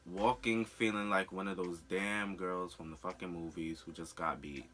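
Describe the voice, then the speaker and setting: A young man telling a personal story in a candid, profane, animated way on a storytime vlog. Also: sits low, moderate pace. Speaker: vlogger.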